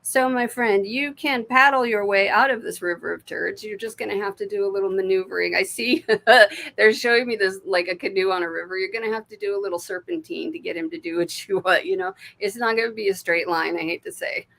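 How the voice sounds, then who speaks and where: An American woman hosts a live stream of psychic card readings. Her talk is loose and chatty, full of laughs and cheerful swearing, with sudden soft murmurs when she turns to ask spirit for answers. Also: mid-range voice, fairly quick, vocal fry. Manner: chatty, warm-hearted, laughs often, swears freely; drops to murmurs and whispers when asking spirit. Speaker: intuitive reader.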